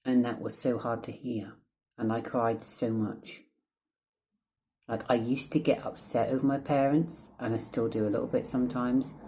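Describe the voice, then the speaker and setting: A Scottish man chats through a personal storytime vlog with a mellow, dark-toned voice. He rambles and wanders off topic, with swearing dropped in casually. A faint hum of ambience sits behind him. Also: mid-range voice, fairly even intonation, normal speed. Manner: rambling, chatty, heavy swearing, drifts off topic. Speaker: vlogger.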